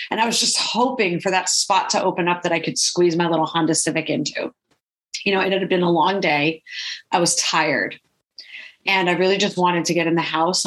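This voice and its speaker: An animated woman hosts her podcast, telling a personal story with frequent laughs and asides of "right?". Her voice sits a little low for a woman. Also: rough recording. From California. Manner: animated, laughs often, says "right?" a lot. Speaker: podcast host. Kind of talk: storytelling monologue.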